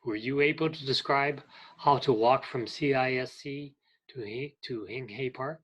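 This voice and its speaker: In poor-quality audio, an ESL teacher with a medium-pitched, fairly bright, slightly rough voice leads an English class. He reads example phrases for giving directions and asking for clarification, slowly, patiently, and deliberately.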